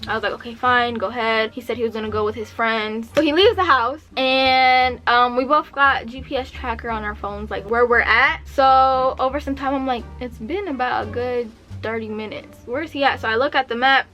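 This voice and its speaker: Animated young woman telling a story. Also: normal speed. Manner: animated, acts out quotes with pitch jumps. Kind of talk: casual storytime.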